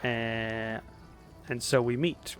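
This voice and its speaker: A man's voice: mid-range voice, steady tone, very slow, fairly bright tone, soft background music, voice pushed down. A man voicing a flowery female foreign traveler in a video game, reading her ornate lines in his own voice. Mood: grandiose. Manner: ornate, solemn phrasing.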